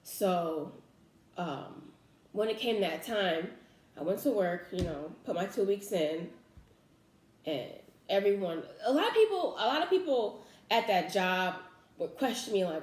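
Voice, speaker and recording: A woman's voice: medium pitch, animated, a little slow, a little mellow, reverberant. A young woman vlogger telling a personal faith story in casual talk, earnest and emotional, full of fillers and restarts.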